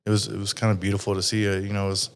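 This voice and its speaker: Low, flat-voiced man chatting casually. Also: very fast. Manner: rambling, frequently swearing, many fillers. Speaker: podcast host. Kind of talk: casual conversational chat.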